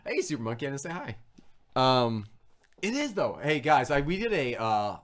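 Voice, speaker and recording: A man's voice: medium pitch, moderate pace. Upbeat male host in his thirties on a casual stream, bouncy intonation, puts on goofy voices. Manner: animated, puts on silly voices when quoting people. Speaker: food review host. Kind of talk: casual livestream chat.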